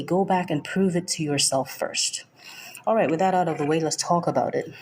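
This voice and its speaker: Speaking fairly quickly in a low, darkish voice, a Nigerian woman runs a livestream trading lesson as a forex mentor, with slight background noise. She greets viewers by name, stays firm and direct, and keeps repeating her main points.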